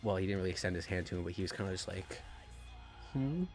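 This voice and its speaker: A man giving a rambling, gushing, profane wrestling review in a casual excited style. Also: low voice, rapid-fire, soft background music.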